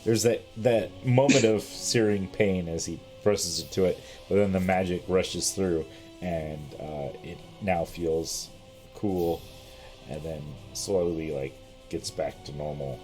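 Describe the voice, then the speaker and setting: Low-voiced man running a tabletop game. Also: takes it slowly, faint music behind. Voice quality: relaxed, rambling narration with fillers. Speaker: game master.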